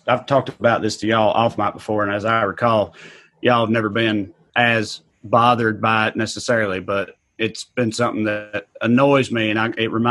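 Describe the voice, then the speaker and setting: A man talks at an easy, rambling pace on a podcast and swears casually. His voice sits at a middle pitch. The recording is dry and close. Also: dry recording. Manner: relaxed, rambling, profane. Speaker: podcast co-host. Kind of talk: casual chat.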